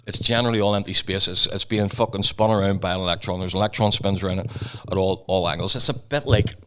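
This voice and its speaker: A man's voice: low-pitched, quick pace, a bit bright, smooth. A man, co-hosting a podcast and telling blunt, sweary stories in casual banter. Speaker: podcast co-host.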